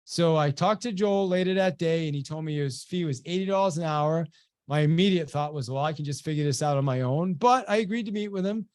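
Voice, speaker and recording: A male sales trainer talks through a motivational story on a webinar, acting out each bit of dialogue with animated energy. His voice sits a little high. The video-call sound is dry and close, with no room echo. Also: fairly quick. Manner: animated storyteller who acts out quoted dialogue.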